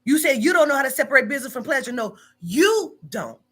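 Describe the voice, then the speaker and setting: A woman's voice: high-pitched, sing-song, fast, slightly rough. A woman in her forties, a business owner, scolding bluntly and profanely in a heated phone argument. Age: 40s.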